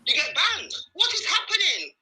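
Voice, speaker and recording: A woman's voice: extremely high pitch, wildly swooping pitch, normal speed, low-quality recording. Furious woman calling in. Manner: angry, impassioned, shouting. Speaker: caller. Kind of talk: call-in radio rant.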